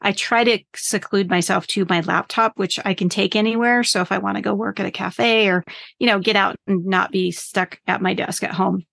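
A woman's voice: medium pitch, steady tone, moderate pace, vocal fry, fairly bright tone, no room sound. A woman business coach, a guest on a podcast, talking in an upbeat, earnest way with loose restarts. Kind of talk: casual podcast interview.

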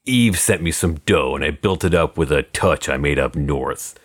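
A man's voice: extremely low pitch, animated, moderate pace, husky, full character voice. A man voicing a hard, wary male gangster on the run, in clipped, guarded tough-guy talk. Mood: grim. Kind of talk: audiobook character voice.

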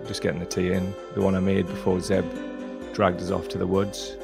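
A man's voice: deep voice, monotone, a little fast, vocal fry, music in the background. A man hosting a casual live-stream chat from a cellar, rambling and jokey. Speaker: show host. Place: temporary cellar room.

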